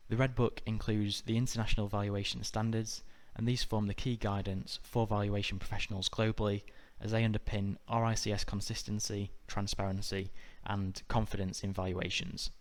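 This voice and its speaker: A man narrating a scripted exam-prep lesson in a measured, methodical way. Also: lowish voice. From United Kingdom. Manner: measured, even, methodical delivery. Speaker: exam tutor.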